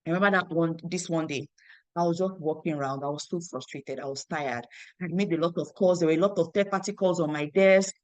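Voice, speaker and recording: This network marketing team leader is a young woman whose voice sits on the low side and moves a little fast. Her motivational business story, captured without room sound, is lively, with repeated phrases and acted-out dialogue.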